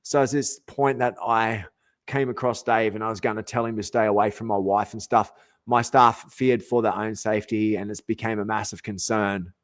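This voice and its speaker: A man's voice: on the low side, fairly even intonation, moderate pace, no room sound. A middle-aged Australian man hosting a podcast, ranting in an aggrieved, profane monologue and often breaking off mid-sentence. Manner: profane, aggrieved, self-interrupting. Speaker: podcast host.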